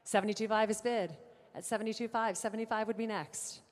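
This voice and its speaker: A woman's voice: medium pitch, fairly even intonation. A woman auctioneer runs a live car sale, rattling off figures and teasing bidders between calls. Her voice rings out in a large room with a long trailing reverb. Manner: brisk bid-calling with playful asides to bidders.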